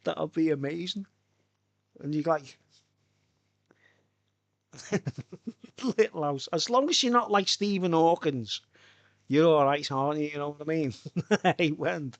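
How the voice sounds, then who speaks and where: A slightly high, pushed, bright voice belongs to a middle-aged man streaming live from home. He chats and rambles casually, swearing and laughing a lot, with no room sound.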